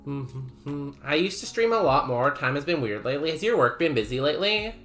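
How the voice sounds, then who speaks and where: A man's voice: a little high, very animated, fairly quick, fairly bright tone, soft background music. A man streaming a game, chatting casually and rambling while he reads messages from chat aloud.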